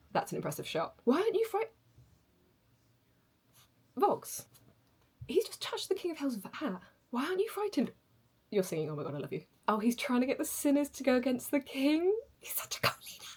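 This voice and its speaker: A young woman reacting to a show on her channel, gasping and gushing excitedly. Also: on the high side, slightly rough. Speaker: reaction video host. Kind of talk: casual reaction commentary.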